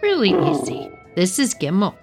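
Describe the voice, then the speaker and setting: A woman's voice: mid-range voice, huge pitch swings, normal speed, over music. A woman voicing a sly, cheerful male trickster who teases with false sympathy. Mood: coaxing. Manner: sweetly smug, falsely sympathetic.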